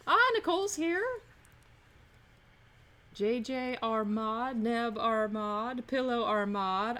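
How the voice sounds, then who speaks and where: A woman's voice: on the high side, fairly bright tone. A woman hosting a live game stream, chatting casually, joking and correcting herself as she rambles.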